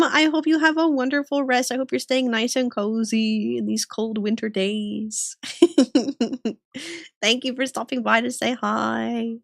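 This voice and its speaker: A woman's voice: on the high side, creaky, a bit bright, dry recording, clean studio sound. A woman streamer chatting casually with viewers while drawing, giggling often and greeting people by name. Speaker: livestreamer drawing art. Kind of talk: casual livestream chat.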